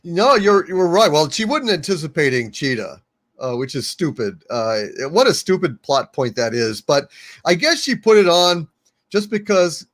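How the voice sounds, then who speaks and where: A man co-hosting a casual podcast and mocking a film with sarcasm. His voice is fairly high for a man and very animated, swinging up and down as he talks. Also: moderate pace. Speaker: show co-host. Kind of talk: casual podcast movie review.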